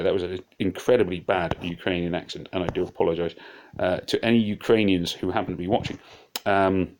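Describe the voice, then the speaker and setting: A man giving casual, rambling commentary on a mobile puzzle game as he plays, full of fillers and self-deprecating asides. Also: fairly low pitch.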